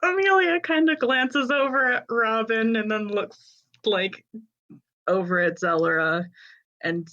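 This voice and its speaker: A woman's voice: on the high side, unhurried, bright, forceful tone, muffled recording. A woman playing a tabletop role-playing game, casual and giggly as she describes her character's actions. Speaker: player.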